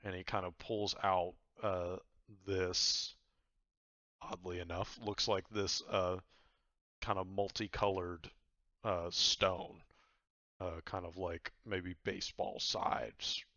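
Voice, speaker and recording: A man's voice: deep voice, little pitch movement, takes it slowly, pushed and bright, dry recording. A man narrating a tabletop game as game master, in a casual way with laughs and frequent swearing. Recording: dull lo-fi recording.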